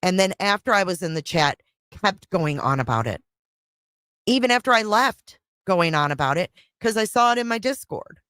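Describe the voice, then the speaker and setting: A woman's voice: mid-range voice, lively intonation, moderate pace, fairly bright tone, no echo, studio quality. A middle-aged woman hosting a casual livestream chat, frustrated and rambling, repeating herself and swearing. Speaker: livestream host.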